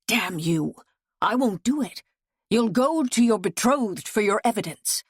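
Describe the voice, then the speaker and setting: A woman reading the part of a grown man in a period romance, speaking low, hushed and measured. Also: animated, breathy edge, no room sound, studio quality. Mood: angry. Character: grown man, tender yet stern and reluctant.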